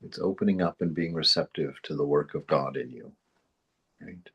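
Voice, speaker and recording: Man, spiritual teacher, very deep voice, husky tone, chuckles often, rambling informal talk. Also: normal speed, a bit bright, dull audio. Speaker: spiritual study group teacher.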